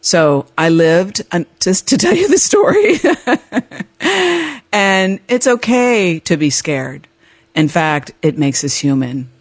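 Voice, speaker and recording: A woman hosting a podcast, telling a personal story in an emotional, animated way, with laughs and restarts. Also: lowish voice, slow, no echo. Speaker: podcast host.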